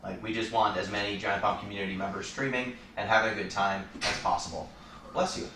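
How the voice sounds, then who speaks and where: A man's voice: fairly low pitch, fairly even intonation, quick pace, slight background noise. A man casually chatting and joking while streaming a game, rambling in a playful way. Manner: playful, rambling, jokey asides. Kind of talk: casual gameplay chat on a live stream. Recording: roomy, distant mic with loud music behind. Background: game music.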